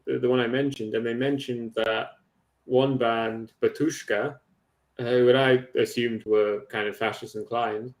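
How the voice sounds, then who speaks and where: A man's voice: medium pitch, level tone, measured pace, echoey room. A man co-hosting a podcast, talking through a point in a thoughtful, hedging way. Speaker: podcast co-host. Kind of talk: casual conversation.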